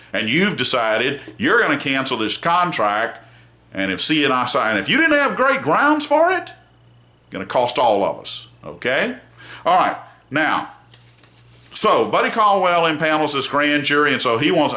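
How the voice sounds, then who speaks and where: Lively, bright-voiced man sounding off. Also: mid-range voice. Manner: rambling, with frequent restarts and asides; heated and emphatic at times. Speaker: political commentator and blog founder. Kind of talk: opinionated commentary video.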